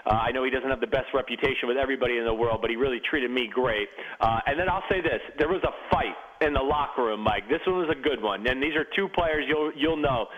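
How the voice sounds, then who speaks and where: A man who played pro football, telling locker-room stories as a podcast guest in a lively, animated way. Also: medium pitch, fast, few pauses, narrow, tinny audio. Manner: animated storyteller with restarts. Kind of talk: storytelling in casual chat.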